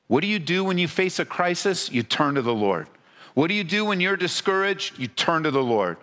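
Lively conversational preacher in a big hall. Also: male voice, on the high side, brisk. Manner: conversational preaching with rhetorical questions and repeated words. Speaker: pastor. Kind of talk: sermon. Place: church hall before a congregation.

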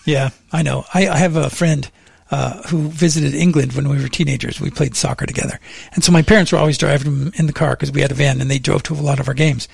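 On a morning radio show, this middle-aged man trades wry, chatty remarks with his co-host before steadily reading traffic and weather into a studio mic. He speaks fast, with a fairly high, creaky, husky voice.

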